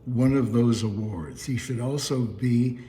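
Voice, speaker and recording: A man co-hosting a casual chat show, rambling and halting with lots of fillers. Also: medium pitch, mellow, slight background noise. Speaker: co-host.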